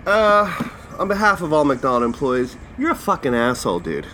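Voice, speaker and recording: Male podcast host, profane, animated comedic rants. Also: fairly high pitch, moderate pace, hardly any pauses, slight background noise. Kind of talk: casual comedic podcast rant.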